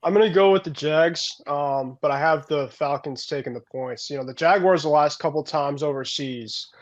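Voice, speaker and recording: A man on a sports podcast panel, talking through picks in a measured way with many ums. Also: fairly high pitch. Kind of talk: casual sports chat. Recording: dull lo-fi sound.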